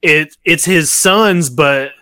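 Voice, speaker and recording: Man, bright tense voice, slow, dry sound, animated, laughing. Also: fairly high pitch, clear, resonant tone, no room sound. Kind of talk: casual chat.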